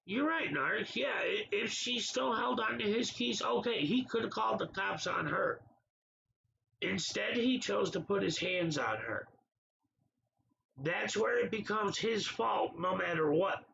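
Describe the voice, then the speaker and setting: A man's voice: high voice, animated, a little slow, vocal fry, pushed and bright, lo-fi sound, slight background noise. A man hosting a casual livestream, talking back to viewers in the chat by name in an exasperated way. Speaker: livestream host.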